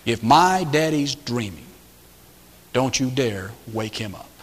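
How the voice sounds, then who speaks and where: A man playing a small girl who defends her reformed father, in a story within his sermon, speaking softly, earnestly and with quiet firmness. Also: mid-range voice, lively intonation, slow, pitched below the performer's own voice. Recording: echoey large hall.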